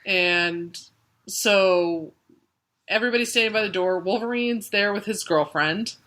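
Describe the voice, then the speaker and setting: A woman's voice: medium pitch, fairly bright tone. A woman co-hosting a podcast, chatting casually and laughing as she recaps comic books with plenty of swearing. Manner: laughing, profane, quick to mock. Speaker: podcast co-host.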